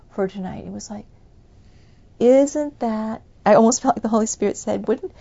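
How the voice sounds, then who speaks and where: A woman preaching a sermon in a fervent, emphatic way, breaking into loud bursts. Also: medium pitch, gravelly, dull audio.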